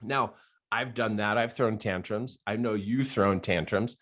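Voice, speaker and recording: An older man, a life coach, telling stories in an animated podcast monologue and laughing often. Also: fairly low pitch, unhurried.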